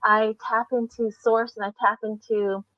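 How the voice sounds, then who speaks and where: A woman's voice: a little high, moderate pace, dry recording, lo-fi sound. Older woman telling stories on a live stream. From United States. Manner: animated storyteller, acts out voices. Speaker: tarot reader host. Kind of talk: casual live-stream chat.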